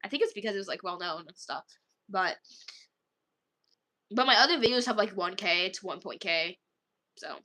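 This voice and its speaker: A woman's voice: mid-range voice, expressive, normal speed, pauses often, bright, forceful tone. A woman rambling casually to viewers on a livestream, tired and chatty, with sighs between thoughts.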